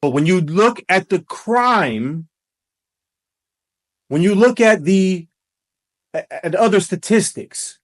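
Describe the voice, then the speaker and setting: A man hosting a reaction commentary, talking in a preachy, emphatic way that rises to shouts. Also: high voice. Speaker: commentary host.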